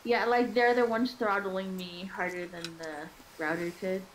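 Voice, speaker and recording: A woman's voice: mid-range voice, fairly even intonation, measured pace, a little hiss or hum, rough recording. A woman chatting casually on a home stream, rambling with lots of fillers. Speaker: stream host. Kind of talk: casual chat.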